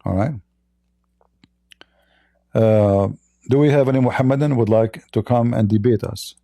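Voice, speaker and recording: A man's voice: medium pitch, measured pace, dark tone, dry recording. Guy w as ranting on his stream, blunt n mocking, dry close sound. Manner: blunt, mocking, repetitive restarts. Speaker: livestream host. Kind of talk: livestream monologue.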